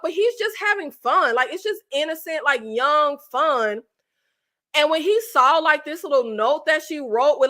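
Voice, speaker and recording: Casting note: woman host, high bright voice, blunt and exasperated casual commentary. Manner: animated, exasperated, blunt with swearing. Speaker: channel host reviewing reality TV.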